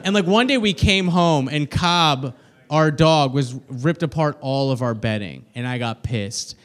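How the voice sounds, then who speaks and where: A man doing a stand-up comedy set on a club stage, brash and crude, dropping to muttered asides and then rising to loud punchlines. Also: on the high side, a little slow.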